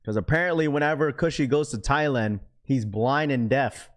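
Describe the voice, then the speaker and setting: A man's voice: medium pitch, normal speed. A young man hosting a live stream who chats loosely and slangily with his viewers and laughs often. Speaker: livestream host. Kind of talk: casual live-stream chat.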